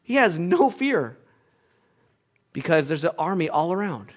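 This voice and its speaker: A man with a somewhat high voice preaches a sermon, retelling a Bible story with casual asides and stumbling restarts. He acts out the characters, jumping from hushed, low tones to loud, excited bursts. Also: a little slow. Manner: animated storytelling, acts out voices with big swings in loudness. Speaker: pastor.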